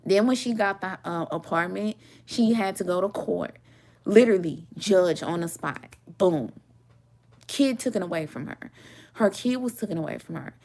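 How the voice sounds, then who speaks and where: A woman's voice: medium pitch, moderate pace. A woman in her mid twenties, a tarot reader, telling a story in casual chat, swearing freely and acting out what people said. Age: 20s. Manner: animated, swearing, laughing often, acts out quotes.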